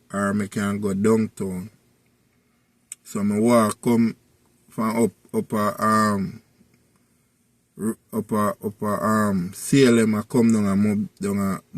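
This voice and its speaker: A man's voice: on the low side, no echo. A man with a Jamaican accent telling a personal story in a casual, rambling way and coming back again and again to the same tag phrases. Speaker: vlogger.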